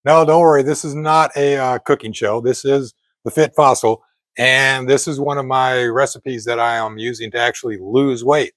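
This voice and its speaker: Standing at an outdoor backyard grill, an older male fitness vlogger rambles casually to camera in a steady, slightly bright, mid-range voice. The recording is dry with no room sound, and his chatty delivery is full of pauses and self-corrections.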